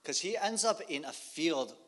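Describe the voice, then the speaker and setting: A man preaching, telling a story in short phrases and pausing for an interpreter. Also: a little high, expressive, a bit bright. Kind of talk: sermon with live interpretation.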